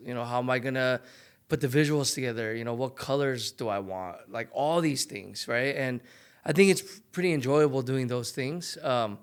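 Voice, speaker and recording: A man's voice: mid-range voice, smooth. A young man, a former pro golfer, chatting as a podcast guest in a loose storytelling way full of fillers. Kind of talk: casual interview chat.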